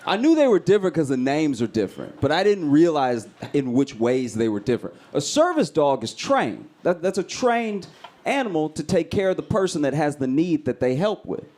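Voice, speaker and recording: A man's voice: fairly high pitch, very animated, normal speed, darkish tone. A man performing a stand-up comedy set, telling a story and acting out screams and voices. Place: comedy club stage.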